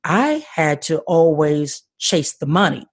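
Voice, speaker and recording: Speaking slowly in a low, breathy voice with big pitch swings, an older woman tells her story with passion on a podcast. She often restarts as she talks, joining over a remote call for a conversational interview.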